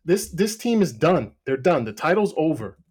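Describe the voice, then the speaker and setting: A man's voice: fairly high pitch, big pitch swings, normal speed, darkish tone, breathy edge. A man co-hosting a football podcast, blunt and sarcastic, swearing as he argues his team has choked. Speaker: podcast co-host, Arsenal fan. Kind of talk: heated casual football debate.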